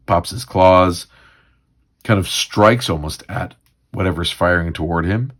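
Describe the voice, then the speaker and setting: A man's voice: deep voice, unhurried. A man hosting a comics read-through livestream, musing casually with many fillers.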